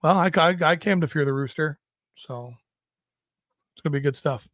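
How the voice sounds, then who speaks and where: A man's voice: a little high, normal speed, a bit bright, dry recording, studio quality. A man co-hosting a podcast, casually joking and reading out viewer comments. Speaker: podcast co-host.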